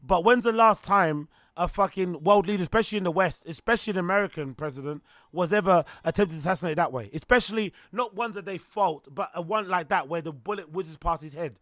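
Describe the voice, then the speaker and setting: A man hosts a casual reaction stream, excitable and rambling, often breaking into laughter. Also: sits high, a little fast, few pauses, no room sound, studio quality. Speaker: streamer host.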